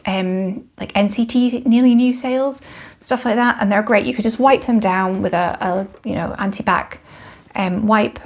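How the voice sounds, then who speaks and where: A woman in her thirties with a British accent, chatting casually to camera about toys, frank, with many ums and self-corrections. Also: fairly high pitch. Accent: British English. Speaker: parenting vlogger. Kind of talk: casual toy review to camera.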